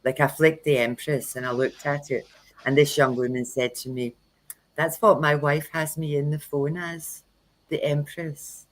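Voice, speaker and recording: A tarot reader and workshop host leads her livestream in a casual, frank way, narrating anecdotes with acted-out quotes. She speaks at a measured pace in a low-pitched, level voice. The recording is low quality.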